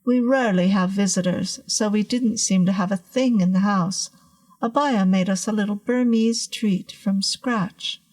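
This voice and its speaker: A woman voicing a polite elderly gentleman with a British accent in a spooky storybook. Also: medium pitch, unhurried, close to an everyday voice. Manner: polite, genteel. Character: elderly white-haired British gentleman host.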